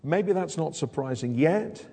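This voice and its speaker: A man preaching an expository sermon in a church hall, animated and acting out quoted lines with big jumps in pitch. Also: a little slow, gravelly. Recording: long hall reverb.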